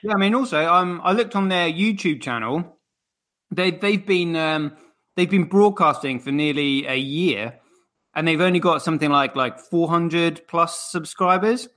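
A British man with a bright, fairly high voice co-hosts a casual live stream. He rambles and laughs as he talks. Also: measured pace. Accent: British English. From Britain. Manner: laughs between words, rambling. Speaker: co-host of a crypto live stream.

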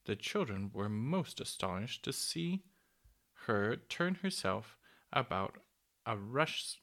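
A man reading a children's story aloud in a gentle, unhurried way, with small slips and rereads. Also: lowish voice, very animated.

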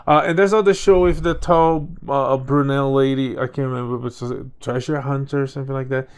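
A man's voice: mid-range voice, fairly even intonation, a little fast, smooth. A man co-hosting a casual chat show, talking in a rambling way with many restarts and fillers. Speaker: podcast co-host.

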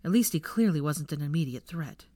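A story reader with a mid-range voice and a steady, even delivery. The recording is dry and close, with no room echo around the voice. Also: mid-range voice, fairly quick. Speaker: fan fiction reader. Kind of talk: reading a story aloud.

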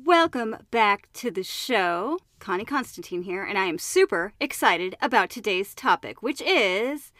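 A woman's voice: medium pitch, expressive, unhurried, few pauses, bright, forceful tone, no echo, studio quality. A woman hosting a solo podcast, bubbly and playfully profane, reading a passage aloud and riffing on it. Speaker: podcast host. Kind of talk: solo podcast monologue with a read-aloud excerpt.

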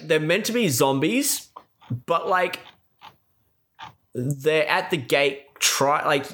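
A man's voice: mid-range voice, fairly bright tone. A man in a casual, exasperated movie recap rant, swearing a lot and saying "like" constantly. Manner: exasperated, profane, full of filler likes.

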